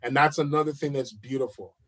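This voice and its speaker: A man's voice: medium pitch, brisk, a bit bright. A man as a guest on a live chat interview, upbeat and salesy, repeating words for emphasis.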